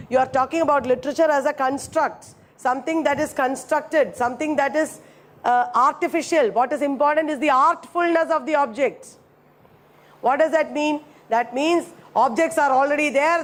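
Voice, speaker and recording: A woman giving a classroom lecture, repeating key phrases slowly and checking that students follow. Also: sits high.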